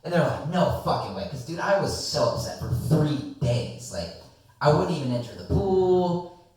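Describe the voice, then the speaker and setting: A young man telling a long, rambling story to friends in a casual chat, animated and swearing freely. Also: fairly high pitch, normal speed. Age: young adult. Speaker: guest storyteller. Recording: echoey room, distant mic.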